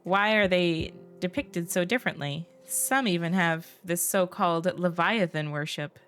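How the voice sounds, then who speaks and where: A woman's voice: fairly low pitch, normal speed, a bit bright, clear, resonant tone, lightly acted. A woman voicing a nervous, evasive young woman researcher in a game, stammering and hesitant.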